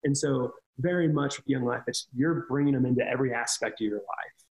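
Guy telling stories on a podcast, gravelly voice, earnest, stops and restarts a lot. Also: mid-range voice, brisk, a little mellow, rough recording. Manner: storytelling, earnest, with frequent restarts. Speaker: ministry leader. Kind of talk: casual podcast chat.

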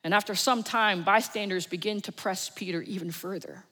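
A woman with a New Jersey accent preaching a Sunday sermon, telling the story with dramatic swings from loud to hushed. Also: mid-range voice, moderate pace. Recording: long church reverb.

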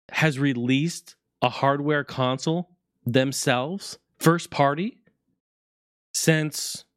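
A man ranting excitedly to his viewers about retro game consoles, swearing freely and talking straight to the audience. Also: a little high, dry recording, studio quality. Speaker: gaming video creator. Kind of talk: excited casual rant to camera.

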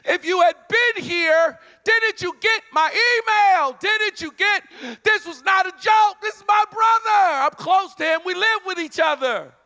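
A male preacher acting out a grieving, exasperated woman who pleads and shouts at someone who came too late. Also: very high-pitched, unhurried, hardly any pauses, voice pushed up, exaggerated voice. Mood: exasperated grief. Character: grieving frantic woman, upset sister.

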